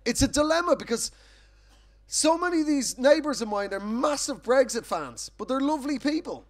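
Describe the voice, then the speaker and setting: A man's voice: very high voice, lively intonation, moderate pace. An Irish man doing a live stand-up set on a festival stage, telling sweary, punchy stories full of tag questions. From Ireland. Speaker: stand-up comedian.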